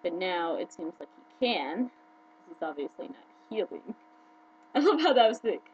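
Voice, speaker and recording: A woman chatting casually to her viewers as a video blogger, excitable, her pitch jumping up when she gets worked up. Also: measured pace, phone-quality sound, slight background noise. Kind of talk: casual fan chat to camera.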